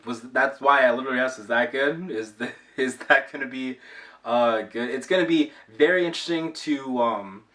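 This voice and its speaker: Young male vlogger, middle pitch, loose self-deprecating ramble, recorded a little far from the mic. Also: fairly bright tone. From Rhode Island, USA. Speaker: YouTube channel owner. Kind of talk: casual vlog chat.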